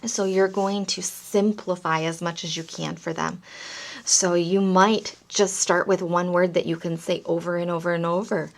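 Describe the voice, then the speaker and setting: Gravelly low-voiced woman coaching parents. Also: fairly even intonation, normal speed. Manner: gentle, encouraging, breaks into playful sound demonstrations. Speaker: early childhood reading coach. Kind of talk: instructional talk to parents.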